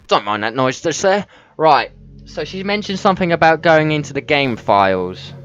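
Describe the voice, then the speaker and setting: A man commentating a game as he plays, swearing often and breaking into excitable outbursts. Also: fairly high pitch, moderate pace, faint music behind. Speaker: gameplay commentator. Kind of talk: let's-play commentary. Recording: muffled lo-fi mic.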